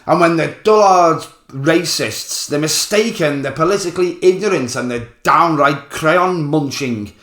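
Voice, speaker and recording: A man's voice: a little high, measured pace, a bit bright. Male commentator, angry sarcastic monologue, swears freely; roomy recording. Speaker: political commentator. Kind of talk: ranting political monologue. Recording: roomy echo.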